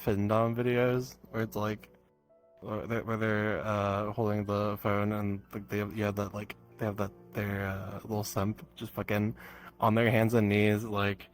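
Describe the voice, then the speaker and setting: A man's voice: on the low side, flat delivery, measured pace, soft background music. A man in casual chat on a stream, laughing often and swearing casually.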